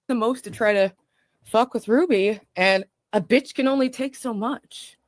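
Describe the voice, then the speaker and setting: A woman's voice: a little high, unhurried, no echo, studio quality. A woman talking casually on her livestream, scattered and rambling.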